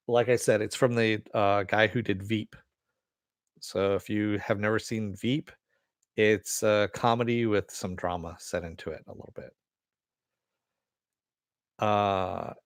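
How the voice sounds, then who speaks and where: With a lowish voice, fairly even intonation, and a moderate pace, a man hosts a podcast in clean studio sound with no room sound. He casually reads listener comments and wanders through entertainment news, swearing easily and laughing often.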